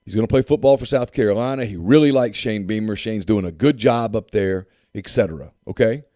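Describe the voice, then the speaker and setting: A man's voice: fairly low pitch, brisk, dark tone, dry recording, clean studio sound. A man co-hosting a sports podcast in casual chat, emphatic and repeating points for effect. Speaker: podcast co-host.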